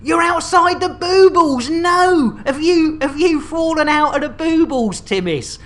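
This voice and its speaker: A woman's voice: extremely high pitch, animated, measured pace. A woman hosting a game stream, joking and bantering with bawdy humour. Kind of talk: casual game-stream chat.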